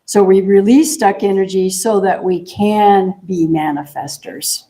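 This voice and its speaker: A woman minister giving a gentle, chatty sermon in a church and laughing often. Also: medium pitch, steady tone, unhurried. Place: church sanctuary.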